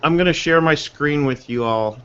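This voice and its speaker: At a moderate pace, a man with a fairly high, fairly bright voice hosts a casual group video chat as a webinar host, joking and rambling playfully. The lo-fi video call sound is dull, with a little hiss or hum.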